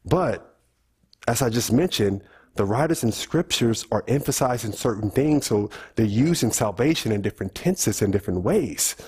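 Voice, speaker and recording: A man's voice: medium pitch, lively intonation, normal speed, darkish tone, husky. A middle-aged man preaching a teaching sermon in a church, asking the congregation questions as he goes. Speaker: pastor.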